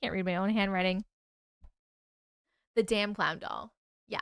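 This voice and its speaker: A woman's voice: mid-range voice, unhurried, smooth, no echo, clean studio sound. A woman hosting a late-night livestream, chatting sleepily with her viewers, swearing and yawning as she reacts to their stories. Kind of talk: casual livestream chat.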